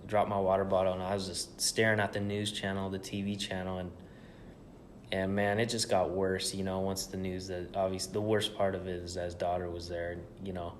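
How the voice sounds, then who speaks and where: A man's voice: deep voice, little pitch movement, fairly quick, slight background noise. A young man co-hosting a podcast, telling stories in a loose, rambling way with plenty of swearing. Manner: loose, profane, rambling storytelling. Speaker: podcast co-host. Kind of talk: casual chat.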